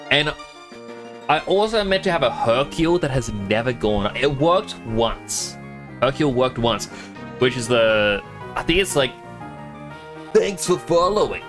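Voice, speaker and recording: A young Australian man chatting on a live stream, his voice rising and falling a great deal as he rambles and laughs between thoughts. His accent is a loose Australian mix, and game music plays clearly underneath him. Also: mid-range voice, animated, unhurried, low-quality recording. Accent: Australian, mixed. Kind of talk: casual live-stream chat.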